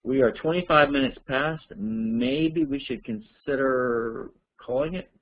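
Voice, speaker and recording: A man's voice: on the high side, very animated, measured pace, gravelly, lo-fi sound. A man teaching an online course, answering listener questions in a rambling, conversational way as he thinks aloud.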